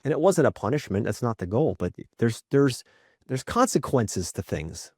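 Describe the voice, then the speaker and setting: Reflective father telling a story, low voice. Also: normal speed, husky, no room sound, studio quality. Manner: reflective, often asks for agreement with "right?"; lively acted-out quotes in his stories. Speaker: podcast guest, father. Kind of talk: candid storytelling in conversation.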